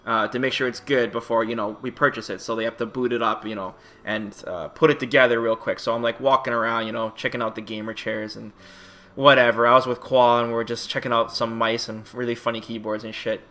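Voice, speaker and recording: A man's voice: mid-range voice, fairly quick. A man telling a long exasperated story in a casual vlog, swearing often and acting out both sides of the conversation. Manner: animated, profane, exasperated storytelling. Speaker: streamer and YouTuber.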